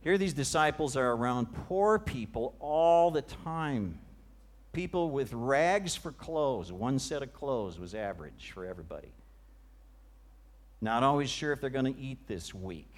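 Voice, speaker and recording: A male preacher giving a sermon, retelling a scene with dramatic, vivid storytelling that often drops to a hush. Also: mid-range voice, lively intonation, a little slow.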